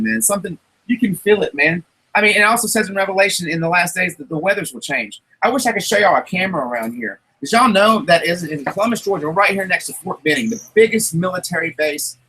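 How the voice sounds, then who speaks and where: Fast, excitable man in his thirties. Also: a little high, breathy edge, poor audio. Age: 30s. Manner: emphatic, rambling, with many restarts. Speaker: podcast host. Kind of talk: casual chat.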